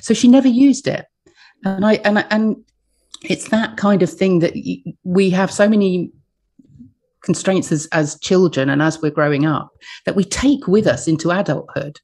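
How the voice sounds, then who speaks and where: A woman's voice: lowish voice, normal speed, darkish tone. A woman, a voice coach with an acting background, talking animatedly in an interview and often restarting her phrases. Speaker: voice coach and guest. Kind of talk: conversational interview talk.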